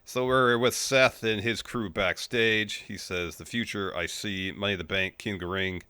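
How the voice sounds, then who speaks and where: Deep bright-toned man recapping. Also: moderate pace, clean tone, dry recording. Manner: steady play-by-play retelling. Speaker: podcast co-host. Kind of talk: casual wrestling recap.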